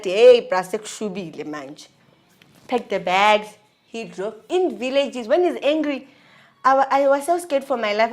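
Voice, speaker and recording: A woman with a South African accent, a vlogger candidly telling a personal story in a slangy, animated way. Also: fairly high pitch.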